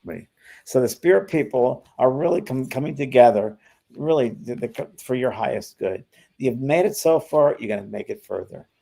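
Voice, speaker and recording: An older man co-hosting a casual spiritual talk, animated and acting out the exchanges he describes. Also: mid-range voice, moderate pace, vocal fry. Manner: animated, acts out quoted exchanges in lively voices. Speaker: spiritual medium and co-host. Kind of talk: casual conversational chat.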